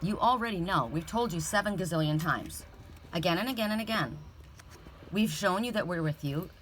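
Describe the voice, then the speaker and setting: A woman's voice: lowish voice, lively intonation, moderate pace, a little hiss or hum, lightly acted. A woman voicing a female snow angel who is devoted but fed up, speaking earnestly and repeating herself for emphasis. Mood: reassuring.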